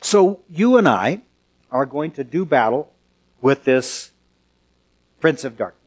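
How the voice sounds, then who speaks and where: A man preaching a Sunday sermon as a pastor, earnest and emphatic, slowing and speeding up for effect. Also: medium pitch, big pitch swings, husky. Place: church sanctuary.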